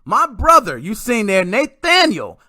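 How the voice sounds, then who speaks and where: A man hosting a podcast, telling a story in a casual, excitable way with some mild swearing. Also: high voice, measured pace, dry recording, studio quality. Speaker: podcast host.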